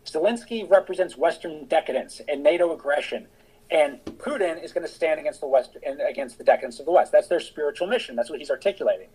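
A man's voice: on the high side, expressive, fast talker, a little mellow, slightly rough, low-quality recording. A middle-aged American man, a guest on an interview podcast, explaining his views in a discursive, thinking-aloud way. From United States. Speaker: guest, author and veteran.

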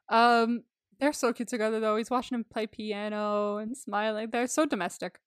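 High-voiced young woman gushing with laughs. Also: level tone, normal speed, clear, resonant tone, dry recording, studio quality. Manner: gushing, laughs often, swears freely. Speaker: podcast co-host. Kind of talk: casual chat.

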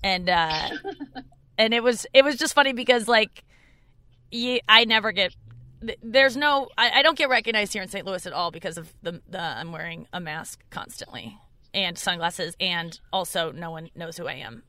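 She speaks at normal speed with a bright, forceful voice, recorded dry. A young adult comedian and podcast host in her car, she chats casually through a rambling, self-mocking story, her voice rising high when quoting others.

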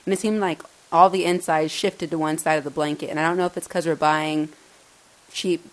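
A woman co-hosting a podcast in casual chat, asking questions in a meandering way, full of "like" and "uh". Her voice sits fairly low for a woman. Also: brisk, rough recording. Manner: relaxed, wandering questions with fillers. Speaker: podcast host.

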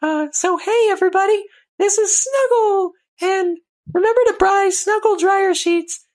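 A man putting on the voice of a gentle, cuddly teddy bear mascot from a dryer-sheet commercial, in a high, sweet, sing-song falsetto. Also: measured pace. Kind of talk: mock commercial.

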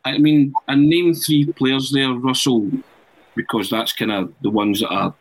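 A man's voice: mid-range voice, fairly even intonation, a little slow, no room sound, rough recording. Man hosting, dry sound. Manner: conversational, hands questions to panelists. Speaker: podcast host. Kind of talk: casual football podcast chat.

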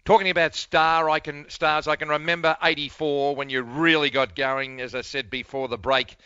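Bright-voiced Australian radio host. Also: male voice, on the high side, flat delivery, clear, resonant tone, no echo, dull audio. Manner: brisk, punchy announcer delivery. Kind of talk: radio interview hosting.

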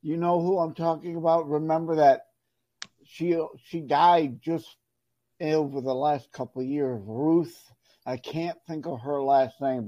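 A man co-hosting a podcast in casual chat, unhurried and quick to laugh. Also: on the high side, dark tone. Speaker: podcast co-host. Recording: dull lo-fi audio.

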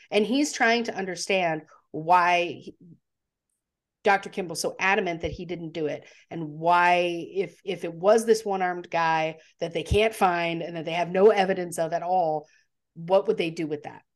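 Brief: woman, lower pitch, animated podcast co-host recapping a film. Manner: animated storytelling with acted-out quotes. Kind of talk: casual film recap chat.

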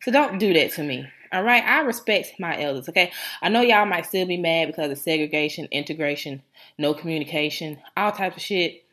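A woman's voice: sits low, a little fast, fairly bright tone. A woman from Rochester, New York, hosting a casual talk show, telling stories with big laughs and joking slang. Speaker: podcast host. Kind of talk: casual chat.

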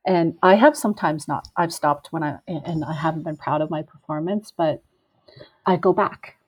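A woman's voice: deep voice, normal speed, darkish tone, husky. A middle-aged woman, a trail runner, telling her own story in an earnest, reflective, loosely rambling way. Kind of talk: personal storytelling.

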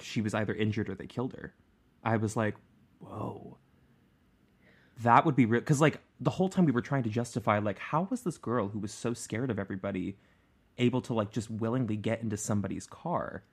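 A man's voice: on the low side, fast talker, husky. A man hosting a true crime podcast, talking casually with many fillers and easy laughter. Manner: chatty, fillers, laughs easily. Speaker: podcast host and narrator.

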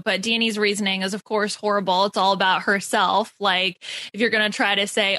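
A woman co-hosting a casual recap podcast, giving quick, opinionated commentary. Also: medium pitch, fairly even intonation, bright, forceful tone, no echo. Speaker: podcast co-host recapping a reality show.

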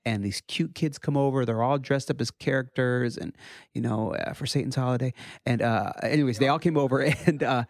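A man in his thirties, a pastor, talks through a family story in a relaxed, chatty way. His voice jumps up animatedly whenever he quotes his young sons. The sound is close and dry. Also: brisk, dry recording. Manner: animated, rises high when quoting his kids. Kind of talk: casual storytelling chat.

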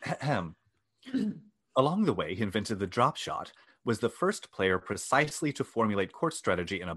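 Low-ish guy telling a story on a podcast, wry and joking at himself, reads off notes sometimes. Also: fairly bright tone, slightly rough. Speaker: podcast host. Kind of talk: casual storytelling chat.

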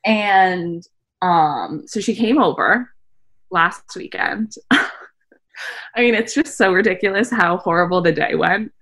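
Bright-voiced woman telling stories animatedly. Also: takes it slowly. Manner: animated storytelling, acts out quotes with big pitch jumps. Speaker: podcast co-host. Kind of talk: casual chat.

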